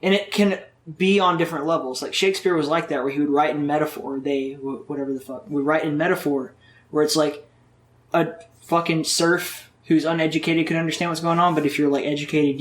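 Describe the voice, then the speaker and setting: A man with a somewhat high voice chats casually as a podcast guest in an interview, swearing freely and rambling from one story to the next. The recording has a noticeable roomy echo.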